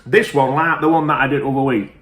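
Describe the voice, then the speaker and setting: A man's voice: mid-range voice, fairly even intonation, fast talker, fairly bright tone. A man who reviews whisky and tells rambling comic stories, peppering every phrase with mild swearing.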